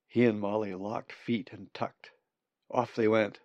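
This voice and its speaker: A man narrating a storybook in a slow, measured reading. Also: lowish voice, little pitch movement, a little mellow, no room sound, dull audio.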